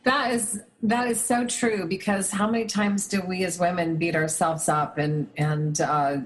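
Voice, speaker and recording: A woman's voice: fairly low pitch, fairly even intonation, a little slow. Giggly, enthusiastic woman chatting on the radio. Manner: enthusiastic and giggly, laughs often. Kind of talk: casual radio talk chat.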